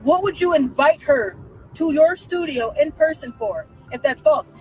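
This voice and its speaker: A woman's voice: high voice, moderate pace, darkish tone, faint music behind, rough recording. A woman hosting a live stream, commenting casually with incredulous rhetorical questions and frequent laughter.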